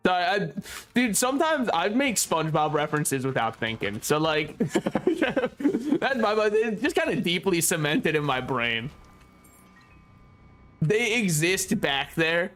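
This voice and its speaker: A man's voice: on the high side, fairly bright tone. Joking, swearing young male streamer. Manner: joking, sarcastic, laughs often, swears freely. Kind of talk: casual gameplay commentary. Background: faint game music.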